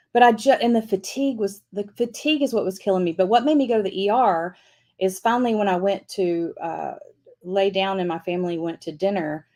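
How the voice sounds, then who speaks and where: A woman's voice: mid-range voice, a little mellow. Middle-aged woman, livestream host, rambling chatty story, upbeat, laughs a lot. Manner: chatty and rambling, many restarts and fillers. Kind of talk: casual storytelling chat to viewers.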